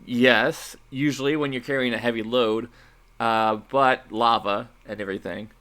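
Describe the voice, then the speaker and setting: A man talking casually on a fan character panel. He is playful and jokey, laughing often, and his voice sits in an ordinary middle pitch. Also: steady tone, normal speed, heavy background noise. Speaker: panel participant.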